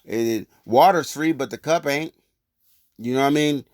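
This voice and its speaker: A man spins a casual personal story in loose, rambling street talk full of cursing. His voice sits at an ordinary middle pitch. The sound is dry and close, with no room echo. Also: moderate pace. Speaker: vlogger telling a personal story.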